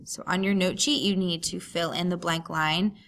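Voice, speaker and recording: A woman's voice: lowish voice, fairly even intonation, normal speed, a bit bright. A woman teacher talking through a recorded grammar lesson, patient and explaining step by step.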